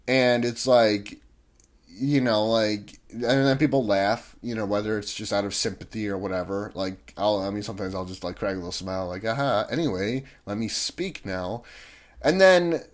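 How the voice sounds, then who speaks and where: A man's voice: on the low side, normal speed. A young man vlogging, ranting in a rambling, irritated way with many restarts and fillers. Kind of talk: casual ranting monologue.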